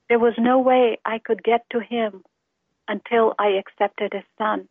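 A woman's voice: a little high, little pitch movement, unhurried, slightly rough, no echo. A woman giving an earnest, heartfelt personal testimony about her faith. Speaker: testimony speaker. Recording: tinny phone-line sound, dry.

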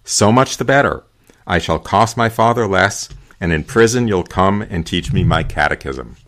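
A fearless young peasant girl answers in a steady, plain voice that never wavers, read out by a man with a very deep voice. She stays calm and firm throughout. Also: moderate pace.

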